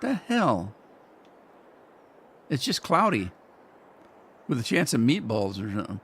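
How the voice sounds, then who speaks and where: Playing a farming game live, this male streamer keeps up a loose, rambling commentary, poking fun at himself along the way. He speaks at a normal pace in a sing-song, mid-range voice that's a bit bright with a breathy edge.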